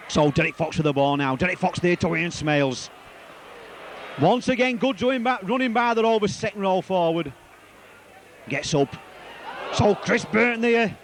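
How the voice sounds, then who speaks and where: Calling a rugby league match live, this high-pitched man rambles excitedly and keeps repeating player names as the action shifts. A little hiss or hum sits under the recording.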